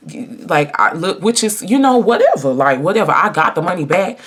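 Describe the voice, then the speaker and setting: A woman's voice: lowish voice, sing-song, moderate pace, hardly any pauses, husky. A woman in her twenties telling a personal story in a casual get-ready-with-me video, chatty and emphatic, talking straight to her viewers. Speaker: vlogger.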